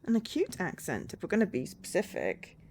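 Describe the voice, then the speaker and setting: A woman giving casual, halting commentary while streaming a game, often trailing off mid-thought. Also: on the low side, huge pitch swings, darkish tone, a little hiss or hum.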